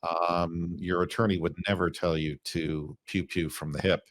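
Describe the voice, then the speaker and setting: A man's voice: low voice, fairly even intonation, normal speed, no room sound. A man chatting as a panel guest, rambling with ums and side remarks. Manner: rambling, with ums and trailing asides. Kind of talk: casual discussion.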